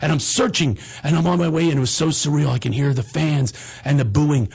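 Middle-aged guy host telling a funny story, high voice, gravelly and husky, very animated. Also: brisk. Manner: animated, jokey storyteller who acts out the voices. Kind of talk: comic storytelling.

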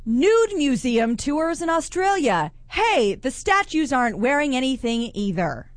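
A woman co-hosting a radio show, telling stories in animated, blunt and crude casual banter. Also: high voice, unhurried, no room sound. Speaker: radio co-host. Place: radio broadcast from a shopping promenade.

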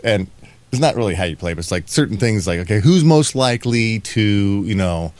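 Middle-aged male radio host, storyteller, laughs easily, very lively delivery. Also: lowish voice, fairly quick, no echo. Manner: animated storyteller, laughs a lot. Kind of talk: morning radio banter.

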